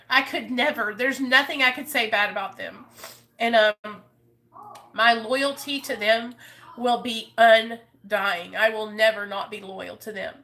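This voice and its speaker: A woman YouTuber opens up to her viewers in an earnest, emotional live chat, rambling and restarting her sentences often. Her voice is fairly high and sharp in tone, with fairly even intonation and a measured pace.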